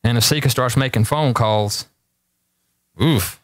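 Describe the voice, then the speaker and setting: A man's voice: medium pitch, measured pace, fairly bright tone, dry recording, clean studio sound. A man, hosting a show and telling rambling stories with emphatic repeated warnings. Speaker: talk show host. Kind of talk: casual storytelling chat.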